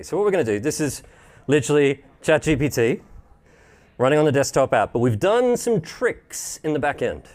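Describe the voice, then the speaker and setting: An animated Australian man presents live to a room of attendees. He jokes and restarts his sentences. His pitch sits in the middle and moves widely up and down. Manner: animated and joking, with many restarts. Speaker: presenter at a tech event.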